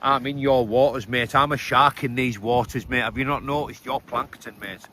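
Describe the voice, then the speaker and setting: A man's voice: mid-range voice, steady tone, moderate pace, bright, forceful tone, a little hiss or hum. A man, a fighter, mocking and taunting a rival with a stream of coarse insults outdoors. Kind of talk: insulting call-out rant.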